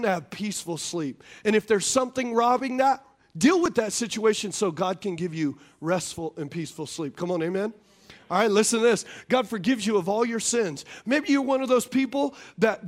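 A man preaching as a pastor, joking and laughing often, on a wireless stage mic in a church. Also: very high-pitched. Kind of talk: sermon.

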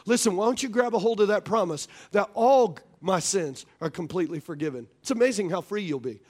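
Man, pastor, very high voice, joking sermon, frequent laughs, stage mic. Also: animated, fairly quick, darkish tone. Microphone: wireless stage mic.

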